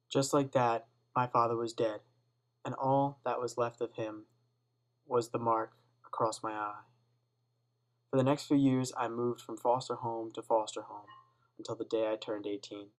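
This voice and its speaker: Teen boy, student reader, first-person story, steady subdued reading, medium pitch. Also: rough recording. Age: teens.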